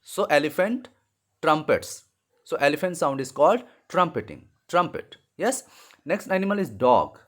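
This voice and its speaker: A man with an Indian English accent teaching English to young children, explaining slowly and repeating words, often switching into Hindi. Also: on the high side, sing-song, a bit bright. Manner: slow, repetitive explaining, mixing in Hindi; apologises and corrects himself mid-lesson. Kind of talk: online classroom lesson for young children.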